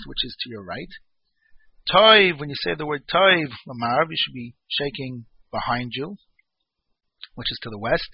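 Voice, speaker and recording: Guy teaching a torah law class, reads then explains, a bit high, dry and muffled. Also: breathy edge, no room sound. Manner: reads Hebrew phrases then explains in English. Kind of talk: reading and explaining a law text.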